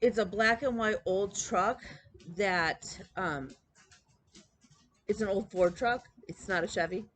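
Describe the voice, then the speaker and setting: A woman's voice: mid-range voice, slow pace, pauses often, a bit bright, a little hiss or hum. Chatty woman telling a story. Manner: chatty storytelling, lots of fillers and quoted dialogue. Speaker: flosstube host. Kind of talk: casual chat.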